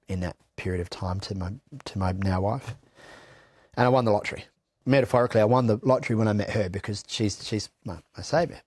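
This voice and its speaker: Speaking as an interview guest, a middle-aged man with an Australian accent candidly recounts hard times, cursing without hesitation and frequently starting his sentences over. His voice is low, husky, and darkish, captured close and dry without any room echo.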